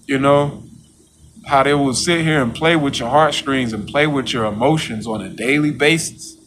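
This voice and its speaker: A man speaks in a casual, preachy monologue, circling back to the same phrases. His voice sits at a middling pitch. A faint hiss of background noise runs under the talk. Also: moderate pace. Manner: preachy, repeats "you know what I'm saying"; mocks coworkers in a high voice.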